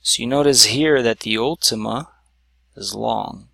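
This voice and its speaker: A man teaching a whiteboard lesson, explaining slowly step by step with many "so"s. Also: mid-range voice, gravelly, pushed and bright, dry recording. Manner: slow, stepwise explaining with many "so"s.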